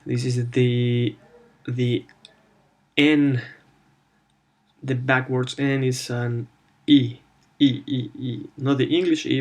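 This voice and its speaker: Slow, even-voiced man teaching letters. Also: medium pitch. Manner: slow, repeats each letter sound several times. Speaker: language teacher. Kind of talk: alphabet lesson.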